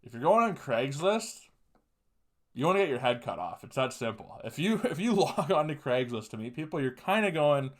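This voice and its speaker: A man's voice: a little high, animated, normal speed. A young man hosting a podcast, talking casually in a blunt, profane, mocking way. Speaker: podcast host. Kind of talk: casual monologue.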